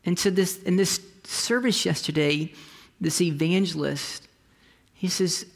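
A pastor preaching a conversational, storytelling sermon, often restarting phrases and dropping to a soft whisper for emphasis. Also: mid-range voice, measured pace, vocal fry, long reverb tail. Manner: frequent restarts and trailing phrases.

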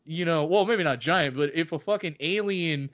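High-voiced, animated New man. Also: normal speed. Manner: animated, profane, acts out scenes in quoted voices. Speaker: podcast co-host. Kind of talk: casual film-discussion chat. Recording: slightly muffled lo-fi audio.

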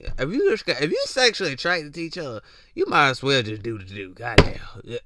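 A man's voice: medium pitch, sing-song, fairly quick, heavy background noise. A young man hosting a podcast, giving a teasing, slangy comedic monologue full of repeats and mock voices. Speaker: podcast host.

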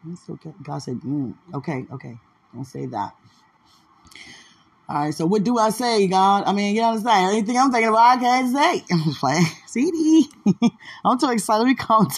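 A woman's voice: mid-range voice, moderate pace, husky. A woman in casual, rambling chat, playful and affectionate, laughing often and talking aloud to God.

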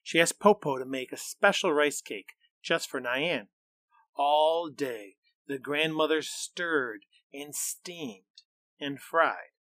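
Slow, bright-voiced male storyteller. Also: fairly high pitch, no echo. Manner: measured, expressive reading. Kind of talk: storybook read-aloud.

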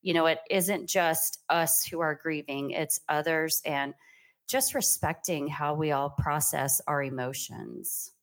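A woman's voice: deep voice, steady tone, a little slow. A woman co-hosting a podcast, reflecting thoughtfully on what her guest shared. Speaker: podcast co-host. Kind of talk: candid podcast conversation.

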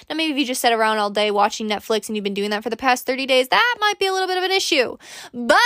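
A woman's voice: high-pitched, animated, very fast, a bit bright, dry recording, studio quality. A woman hosting a podcast, giving an earnest, encouraging monologue straight to the listener. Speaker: podcast host. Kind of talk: motivational monologue.

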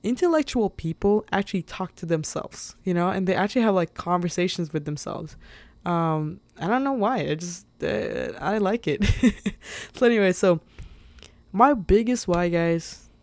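A female podcast host delivers a casual solo monologue, earnest and emotionally open, wandering along with many fillers and little bursts of laughter. Her lowish voice is expressive and somewhat dark, at normal speed, in a dry recording.

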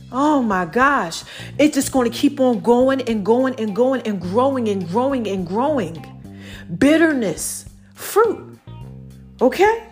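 A woman teaching scripture on a podcast, animated and forever checking in with her listeners. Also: a little high. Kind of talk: preaching on a podcast.

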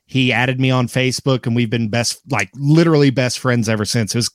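A young man from Oklahoma, a podcast guest telling a story in a relaxed, easygoing way. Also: mid-range voice, a little fast, no room sound, clean studio sound. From Oklahoma, USA. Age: young adult. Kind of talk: casual storytelling.

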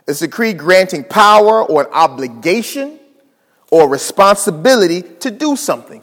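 A man's voice: on the high side, in a large hall. A man preaching a teaching sermon, explaining step by step and asking rhetorical questions.

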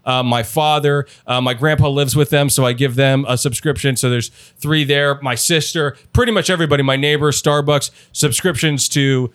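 A man hosting a casual comedy podcast, calmly pitching silly fake sponsors. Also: normal speed, hardly any pauses. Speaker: podcast host.

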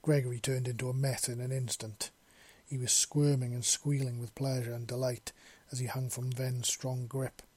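A man narrating a romance story in a quiet, intimate reading. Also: medium pitch, little pitch movement, moderate pace, hardly any pauses, husky.

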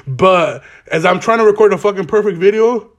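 A man's voice: high-pitched, expressive, brisk. A young man hosting a casual solo podcast from home, rambling in profane slang while stoned and smoking. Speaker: podcast host. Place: home, garage.

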